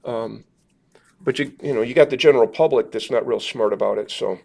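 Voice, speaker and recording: A man talks through a watercolor demo at a club meeting. He rambles in a friendly, self-deprecating way and fills pauses with "um" and "uh" as he paints. His voice sits at an ordinary middle pitch. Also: creaky, a little mellow. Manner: chatty, rambling, self-deprecating, with many fillers. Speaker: watercolor instructor. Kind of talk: live painting demonstration with audience questions. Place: meeting room at a club gathering.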